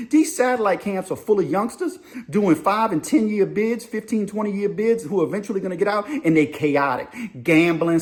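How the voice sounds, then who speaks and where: A man telling a story in a loose, animated way, sometimes acting out other people's voices. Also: high-pitched. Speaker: storyteller host. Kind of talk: casual spoken storytelling.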